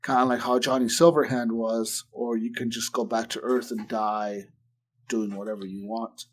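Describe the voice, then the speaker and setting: In casual podcast talk, a man who co-hosts the show wanders through a long story at normal speed. He has a typical mid-level voice and keeps acting out others' quotes, his retelling thick with "like" and cursing.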